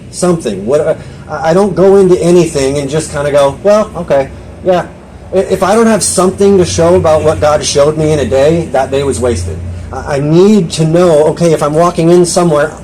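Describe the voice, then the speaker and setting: Young man, earnest testimony, slightly high voice, faint room hum. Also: moderate pace, warm tone, rough recording. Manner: earnest, conversational, many restarts and quoted inner thoughts. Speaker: Bible study speaker. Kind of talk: personal testimony.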